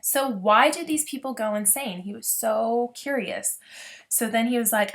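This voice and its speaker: A woman's voice: fairly high pitch, normal speed. A woman reviewing a book in a casual vlog, chatty and enthusiastic, often saying "like".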